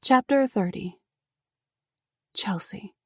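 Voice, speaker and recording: A young woman reading first-person audiobook narration with feeling, moving between tense passages and hushed ones. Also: medium pitch, takes it slowly, slightly rough, no echo, studio quality.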